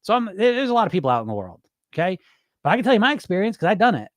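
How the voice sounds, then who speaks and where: Rapid-fire and sitting high in pitch, a man's voice comes through in a dry recording with clean studio sound. On his weight loss live stream he reads viewers' comments and fires back blunt, profanity-filled replies. He acts out dieters' inner voices in animated, casual talk.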